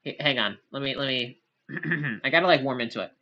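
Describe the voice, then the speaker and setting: A woman's voice: extremely low pitch, animated, a little fast, muffled recording, background noise. A woman live-streaming, chatting casually with her chat in a rambling, giggly, self-deprecating way.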